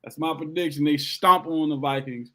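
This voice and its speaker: Animated man making football picks. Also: fairly high pitch, normal speed. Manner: animated, repeats himself for emphasis. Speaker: podcast co-host. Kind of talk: casual sports chat.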